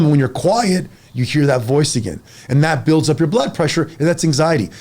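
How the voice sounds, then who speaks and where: Man in his 40s, fitness coach, casual podcast talk, energetic, blunt, emphatic. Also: a little high. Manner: energetic, emphatic, pushes listeners with blunt advice.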